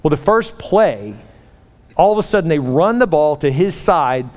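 A man with a fairly high voice tells a sermon story, animated and repeating words in quick bursts. He speaks in a church hall with a long, echoing reverb. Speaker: preacher.

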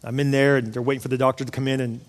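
A man's voice: medium pitch, flat delivery, rapid-fire. Man preaching in a reverberant church. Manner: personal storytelling, building to emotional intensity. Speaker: pastor. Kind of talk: sermon. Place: church auditorium. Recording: long hall reverb of a church.

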